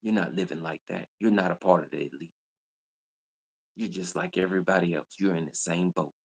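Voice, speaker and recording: Man, very low gravelly voice, scolding livestream host, confrontational and repetitive. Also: steady tone, fairly quick. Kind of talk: ranting livestream monologue.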